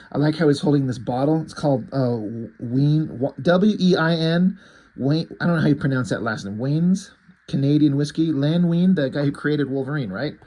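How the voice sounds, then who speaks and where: A man's voice: a little high, a little mellow. A man casually reviewing a comic book, rambling, swearing, and retelling the story. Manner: rambling, profane, enthusiastic.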